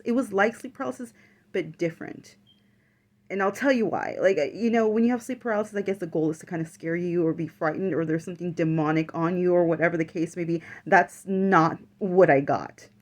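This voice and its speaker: A woman vlogger telling a personal story in casual chat, full of fillers and the odd swear word. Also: fairly low pitch.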